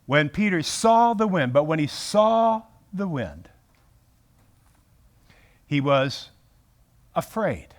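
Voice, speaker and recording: A man teaching a Bible study to a group in a room, animated and often breaking off his sentences to restart them. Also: on the high side, slow pace, pauses often. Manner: animated, self-interrupting, acts out quotes.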